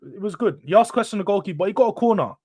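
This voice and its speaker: A young man hosting a live football watchalong, chatting casually and excitably while yawning tiredly between bursts of reaction. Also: rapid-fire, no room sound, studio quality. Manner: excitable, swings between hype and low-key mumbling, slangy. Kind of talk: casual live match commentary and chat.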